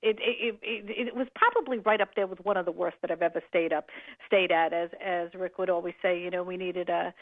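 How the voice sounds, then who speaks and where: A woman's voice: lowish voice, fairly even intonation, brisk. A woman guest telling travel stories on a talk radio show, rambling with many restarts and fillers. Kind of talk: casual radio chat. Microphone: phone line. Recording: tinny phone line.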